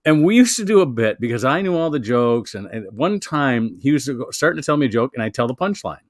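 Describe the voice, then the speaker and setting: A male veteran comic chats loosely and rambles through his anecdote, chuckling as he goes. His voice sits at a middling pitch, and the recording is dry and close with no room sound. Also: big pitch swings, fast talker, no room sound. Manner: rambling storyteller, laughs while talking. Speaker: veteran comedian guest. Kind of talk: casual chat.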